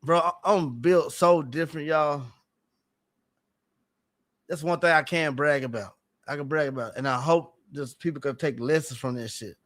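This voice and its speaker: A man's voice: a little high, normal speed, a bit bright. A man talking casually on a livestream, rambling and repeating himself in an earnest, aggrieved way. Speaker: streamer guest.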